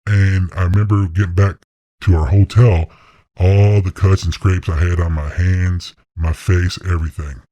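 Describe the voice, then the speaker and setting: A middle-aged man, an interview guest, telling his hunting story in a blunt, excited way and swearing freely. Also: sits low, normal speed, no echo. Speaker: interview guest, deer hunter. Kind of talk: casual storytelling.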